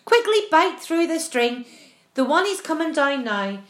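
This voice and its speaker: A woman's voice: high voice, sing-song, unhurried. A woman voicing an eager, kind young boy in a storybook reading, speaking earnestly. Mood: urgent. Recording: roomy echo.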